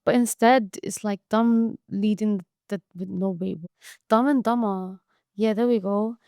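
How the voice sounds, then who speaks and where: A woman with a steady, mid-range voice speaks a little slowly and a little mellow, in clean, echo-free studio audio. Hosting a podcast alone, she delivers a blunt, profane monologue that feels like a tough-love pep talk.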